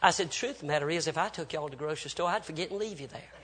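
An older man, preaching a sermon and telling family stories, swinging from shouts to hushed tones. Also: on the high side, racing, very noisy. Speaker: pastor.

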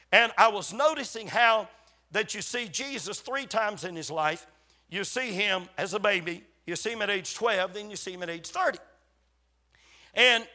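An older pastor preaches a sermon in a high, bright, forceful voice, telling stories and acting out quoted conversations with emphatic repetition.

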